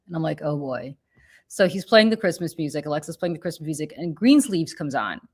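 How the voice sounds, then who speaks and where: A woman in her fifties hosting a podcast, chatting casually and animatedly over a video call, full of quick asides. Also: deep voice, expressive, darkish tone. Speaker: podcast host. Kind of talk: casual chat.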